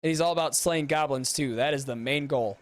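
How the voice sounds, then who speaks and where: A man's voice: fairly high pitch, brisk. A man appearing as a guest on a casual podcast, laid-back and stopping to restart his sentences. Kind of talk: casual chat.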